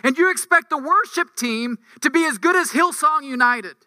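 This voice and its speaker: High-voiced, sharp, bright male preacher. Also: expressive, moderate pace, dry recording, clean studio sound. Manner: conversational, rhetorical questions, rising emphatic peaks. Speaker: campus ministry preacher. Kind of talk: sermon.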